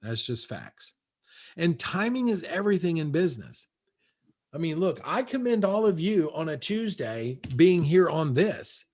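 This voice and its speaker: A man's voice: on the high side, sing-song, unhurried, darkish tone. A man speaking from his home over a video call, giving a punchy, repetitive motivational talk as a guest real estate coach. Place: his own house.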